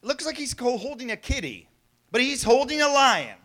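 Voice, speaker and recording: Bright, high-voiced pastor preaching. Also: male voice, very animated, brisk. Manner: conversational preaching with rhetorical questions and chuckles. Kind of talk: sermon.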